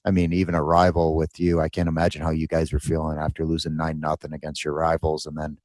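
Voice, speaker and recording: A male podcast co-host with a very deep voice. He jokes around, speaks his mind and laughs easily. He is recorded close and dry. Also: monotone, quick pace, darkish tone, no echo. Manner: joking, opinionated, laughs easily. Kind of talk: casual chat.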